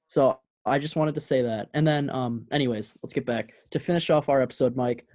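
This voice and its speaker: A young man with a mid-range voice co-hosts a casual sports podcast. He speaks earnestly, in halting bursts full of ums. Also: medium pitch, darkish tone. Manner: earnest, halting, filler-heavy. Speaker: podcast co-host.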